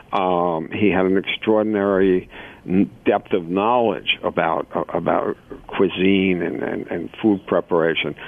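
A man calling in to chat, talking haltingly with many restarts, then praising warmly. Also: sits low, gravelly, no echo. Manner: halting, repeats words, then warm praise. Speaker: phone-in guest. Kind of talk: casual chat. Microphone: phone. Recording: tinny phone line.

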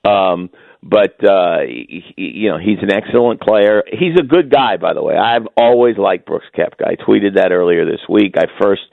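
Low-pitched man, gravelly voice, tinny dry phone line, rambling guest, hiccuping. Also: expressive, moderate pace, no echo. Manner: rambling, self-correcting, opinionated. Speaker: guest columnist. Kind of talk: casual sports chat by phone.

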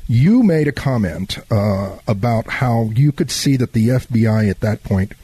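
A man hosting a radio talk show, asking questions in a halting way with many fillers. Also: medium pitch, expressive, warm tone, husky, dry recording. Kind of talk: radio interview.

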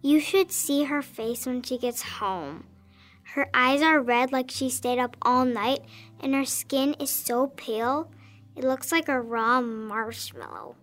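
A woman's voice: sits high, slow pace, a bit bright. A woman playing an anxious young girl who writes earnest letters to her best friend in an audio drama. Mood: worried. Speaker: letter-writing child character.

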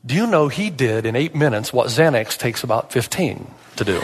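A man's voice: medium pitch, animated, fast talker, hardly any pauses, long reverb tail, slight background noise. A male pastor preaching a sermon, telling stories with animation and asking emphatic rhetorical questions.

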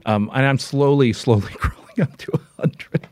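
A man's voice: mid-range voice, normal speed, a little mellow, dry recording. A man as an interview guest, chatting casually in a rambling way, with many restarts and filler words. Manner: rambling, full of "like" and restarts, laughs often.

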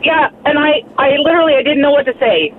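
A woman calls into a radio show, friendly and a little flustered as she explains herself. Her voice is high and sounds thin and tinny through the phone. Crowd noise is audible behind her. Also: quick pace. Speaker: caller. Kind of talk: phone-in chat.

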